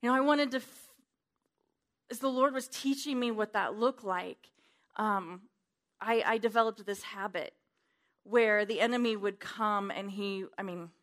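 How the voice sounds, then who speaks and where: Woman preacher, emphatic sermon delivery, bright and forceful tone. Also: mid-range voice, steady tone, measured pace. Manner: fervent, emphatic, swinging from loud to hushed. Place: church.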